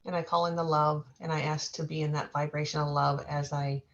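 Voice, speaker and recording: A woman psychic medium in casual spiritual talk, earnest and rambling with halting restarts. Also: deep voice, little pitch movement, dull audio.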